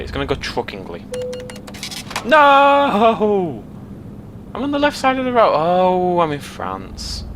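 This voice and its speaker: A man's voice: medium pitch, background noise. A young English man giving jokey, rambling commentary while playing a game and chatting to his viewers. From Britain. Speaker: let's play host. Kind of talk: casual gaming commentary.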